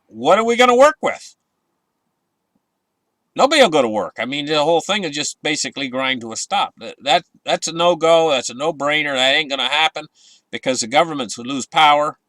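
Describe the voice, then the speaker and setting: A man's voice: fairly high pitch, a bit bright, dry recording. A man hosting a casual market commentary channel, rambling with many fillers and restarts and a sarcastic edge.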